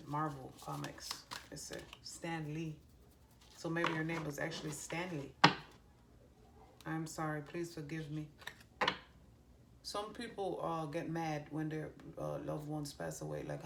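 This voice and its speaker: A woman doing a psychic card reading for viewers, pausing often with ums and restarts as she relays messages she hears. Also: low-pitched, gravelly. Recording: faint background noise.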